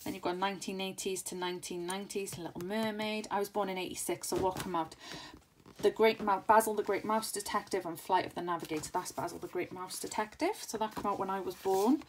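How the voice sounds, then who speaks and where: This time the thirty-something crafting host has a medium-pitched, fairly even voice and talks a little fast. She rambles casually and excitedly through a haul video, leaning on fillers, with noise in the home recording.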